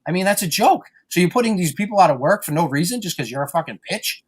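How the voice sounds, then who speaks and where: Fast-talking profane male podcast host. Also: high-pitched, animated, slightly rough. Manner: rambling, profane, ranting. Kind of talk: crude casual chat.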